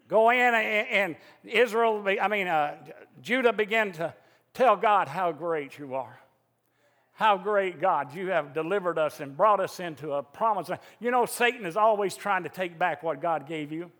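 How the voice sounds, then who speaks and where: A man's voice: high-pitched, normal speed, a bit bright. A man preaching a sermon in a fervent, emphatic way, his voice rising into outbursts, in a church sanctuary. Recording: echoey church hall reverb.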